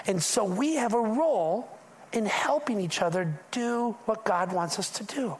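A male pastor delivering a sermon to his congregation. He speaks in an easy, conversational way and keeps asking the room questions. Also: sits high. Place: church in front of a congregation.

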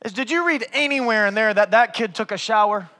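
With a high voice and a fairly quick pace, this man preaches as a pastor. He's animated and conversational, shifting from loud to hushed, and keeps addressing listeners as "man."

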